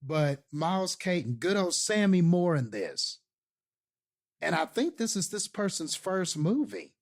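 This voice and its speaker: A man's voice: sits high, sing-song, a little slow. A man co-hosting a casual movie review podcast, enthusiastic and rambling, with many fillers and restarts. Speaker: podcast co-host.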